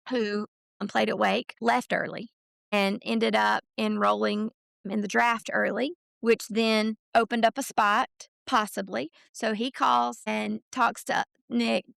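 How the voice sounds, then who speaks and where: A middle-aged woman tells a long story as a podcast guest, slipping into quoted voices and filler words. Her voice is heavily fried and gravelly, a bit higher than most. It is recorded close and dry, with no room sound. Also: a bit bright, no echo. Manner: chatty, retells conversations in quoted voices, many fillers. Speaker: podcast guest, mother of a college football recruit. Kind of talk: casual storytelling chat.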